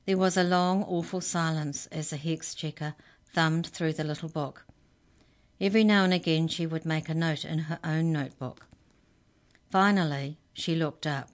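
A woman reading a children's story aloud with calm, measured narration. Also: low voice.

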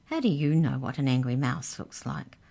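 Storybook girl, bossy and pushy, raised pitch, read by a woman. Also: animated, moderate pace, gravelly, mellow, breathy edge, exaggerated voice. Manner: pushy, scornful. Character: bossy bold young girl, scheming.

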